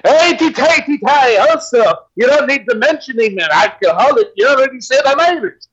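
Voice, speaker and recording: A male podcast co-host tossing in crude, wisecracking asides during casual banter. His voice is very high, and the sound is dull and lo-fi. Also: lively intonation, fairly quick, a bit bright, husky. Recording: dull lo-fi microphone.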